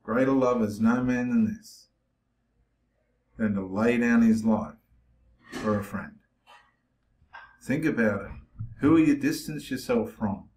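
A man's voice: medium pitch, slow, pauses often, a little mellow, slight background noise. Impassioned male preacher in an echoey room. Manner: confrontational, challenging the listener directly. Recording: roomy echo.

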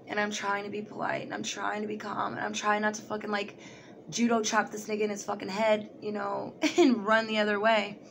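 A young woman tells a personal story straight to the camera in a loose, casual way. She is animated, swears freely and slips into other people's voices as she recounts what they said. Faint background noise sits under her voice. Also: mid-range voice, creaky. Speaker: vlogger.

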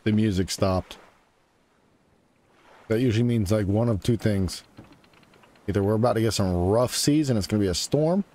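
A man's voice: lowish voice, normal speed, long pauses, warm tone. A man giving casual live commentary as he plays a survival game, chatting along and teasing the creatures on screen. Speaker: gaming streamer.

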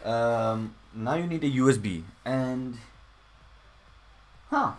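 A man's voice: mid-range voice, lively intonation, slow pace, noisy background. A young man casually talking through a game tutorial at home, rambling and swearing often. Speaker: gaming channel host. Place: home room.

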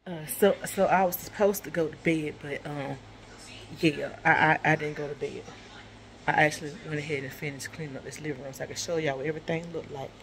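Over a noisy background, a woman with a low voice and a stuffy nose films a casual home vlog, showing her living room. She chats straight to her viewers, calls them y'all, and repeats herself.

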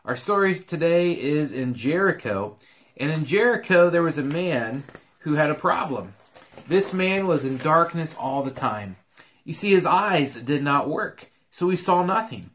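Man, children's Bible story, animated pitch, slightly high voice, earnest storytelling.

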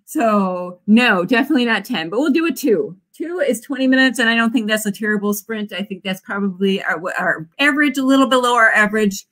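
A woman's voice: on the high side, lively intonation, fairly quick, hardly any pauses, a bit bright. A woman in her forties, an author hosting a writing sprint livestream in a casual, bubbly way, often cheering her viewers on with whoops. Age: 40s.

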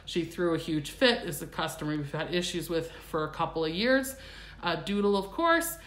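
A woman, a pet groomer, hosting a live stream in a brisk, matter-of-fact way. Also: lowish voice, lively intonation, fairly bright tone. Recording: roomy echo.

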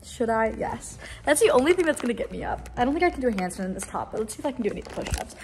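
A woman's voice: on the high side, very animated, very fast, darkish tone, slight background noise. A young woman rambling to the camera in a casual home vlog, chatty and full of fillers. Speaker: lifestyle vlogger. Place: at home, indoors.

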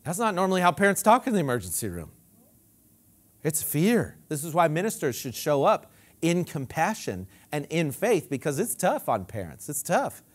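Animated, high-pitched preaching man. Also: moderate pace, husky. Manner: animated preaching, swinging from loud emphatic declarations to low quiet asides; leads the congregation in call-and-response. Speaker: pastor. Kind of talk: sermon.

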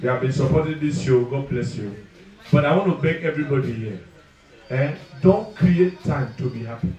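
A man with a Nigerian accent doing live stand-up and crowd work, loud and teasing, slipping into pidgin as he talks straight to the audience. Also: mid-range voice, moderate pace, recorded from a distance. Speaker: stand-up comedian. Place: live comedy venue. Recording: echoey venue, mic heard from afar, crowd noise. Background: audience laughing.

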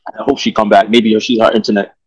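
A man's voice: lowish voice, little pitch movement, fast talker, husky, dry recording, low-quality recording. A man, talking in a rambling, streetwise way on a casual panel discussion. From New York.

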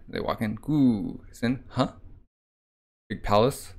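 A man casually reading a manga aloud, halting and adding sound effects. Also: fairly low pitch, expressive, gravelly, darkish tone. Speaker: manga reader.

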